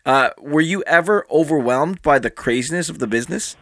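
Bright, dry-sounding male interviewer. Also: fairly high pitch, expressive, no room sound. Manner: short amazed reactions, then a quick scripted-sounding question. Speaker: interviewer host. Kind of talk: interview questions and reactions.

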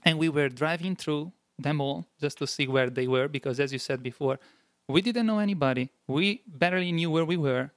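A man's voice: a little high, moderate pace, dry recording, studio quality. A man from Italy with an Italian accent, a guest in a casual interview, telling his story plainly and earnestly.

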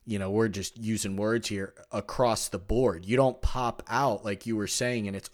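Low-voiced man hosting a rambling chat. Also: moderate pace, few pauses. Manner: rambling, animated, frequent restarts. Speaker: podcast host. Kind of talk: casual conversation.

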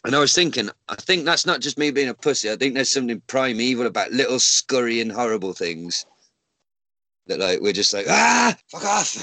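A man's voice: medium pitch, fairly quick, pushed and bright, no echo, poor audio. A man co-hosting a casual podcast, reading out odd news stories with lots of swearing and laughter. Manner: sweary, laughs often, mocks the story as he reads. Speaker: podcast co-host.

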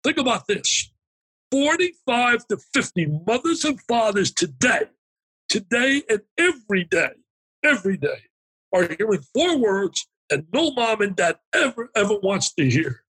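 A husky, high-pitched man tells a heartfelt story as an interview guest. He speaks with the punch of a seasoned motivational speaker, animated and emphatic, and acts out the dialogue. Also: unhurried, rough recording.

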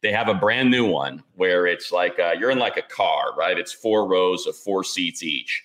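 A man's voice: sits low, normal speed, rough recording. A middle-aged man co-hosting a podcast, telling a story in casual chat. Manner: animated anecdote-teller, acts out quotes. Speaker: podcast co-host.

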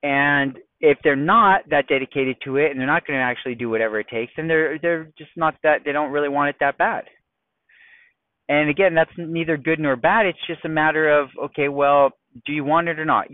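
A man's voice: fairly high pitch, fairly even intonation, a little fast, dry recording. Blunt man over a tinny line. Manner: blunt, conversational, talks straight to the listener. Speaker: podcast host and coach. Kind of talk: solo podcast monologue. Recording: tinny phone-like dry sound.

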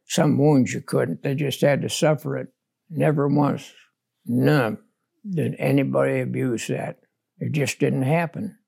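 A man's voice: medium pitch, fairly even intonation, unhurried, gravelly, a little mellow, husky. An older man, a war veteran, recounting his combat memories in a blunt, plainspoken way during an oral history interview.

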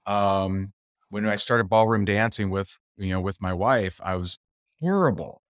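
Low-voiced man telling candid stories. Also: a little slow, clean tone, no echo, clean studio sound. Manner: animated storyteller who acts out other people's voices. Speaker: podcast guest. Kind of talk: candid interview storytelling.

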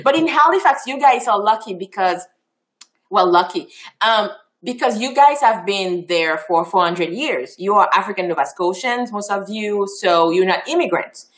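Animated woman with a Haitian accent. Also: mid-range voice, normal speed. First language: Haitian Creole. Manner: animated and expressive, many ums and restarts. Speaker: festival founder, interview guest. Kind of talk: conversational interview answers.

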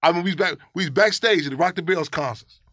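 A man's voice: on the high side, fast talker, sharp tone, no echo, studio quality. A man from Chicago, a guest in a casual interview, telling stories in a rambling, profane way and often repeating his words.

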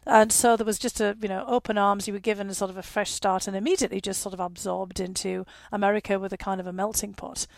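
A woman in her fifties from northeast England, with a Northeast English accent, answering interview questions in a reflective way, often filling pauses with "you know" and laughing wryly. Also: medium pitch, little pitch movement, gravelly, no echo. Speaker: guest.

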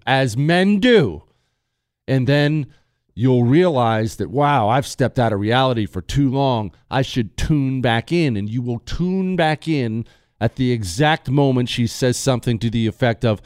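Joking talk radio host man, lively delivery. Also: on the low side, no room sound, clean studio sound. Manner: joking and emphatic, addressing listeners directly. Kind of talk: casual talk radio monologue.

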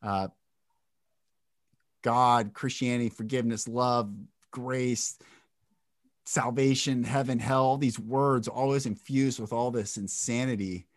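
An intense man tells a raw personal story, emotional and blunt, swearing freely. His voice sits in a middle pitch and is recorded close and dry, with no room around it. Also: steady tone, slow, pauses often, dry recording. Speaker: podcast guest. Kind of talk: candid interview talk.

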